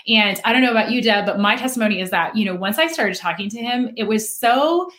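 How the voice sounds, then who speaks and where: Earnest woman sharing faith, laughing softly. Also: on the high side, animated, brisk. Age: adult with children. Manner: earnest, with frequent fillers and soft laughs. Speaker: guest sharing her faith testimony. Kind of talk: casual faith talk.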